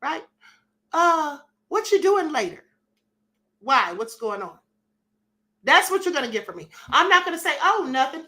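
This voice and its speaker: A middle-aged woman hosting a casual live stream, sassy and animated, acting out little dialogues and reading chat comments. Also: high voice, measured pace, pauses often.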